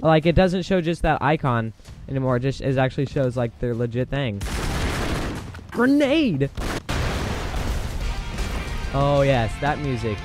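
A young man casually commenting on a game as he plays, excitable and quick to exclaim. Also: medium pitch. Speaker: gameplay commentator. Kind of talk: casual let's play commentary. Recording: game music and gunfire loud behind voice. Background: game music and gunfire.

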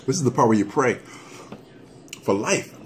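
A man doing a casual hot sauce challenge vlog at home, animated and joking while his mouth burns from the sauce. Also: mid-range voice, normal speed, a little hiss or hum. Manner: animated, joking, breaks into whoops and coughs. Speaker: vlogger.

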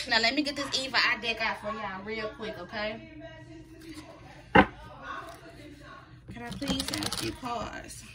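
A woman's voice: on the high side, fairly bright tone. A woman giving a casual tarot reading, talking bluntly and profanely and checking in with her viewers. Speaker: tarot reader.

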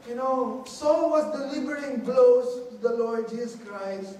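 A preacher with a Filipino accent, giving a halting sermon that mixes Tagalog into English and often repeats words. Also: medium pitch, dark tone, slight background noise. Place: church hall. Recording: echoey hall from far off, faint ambience.

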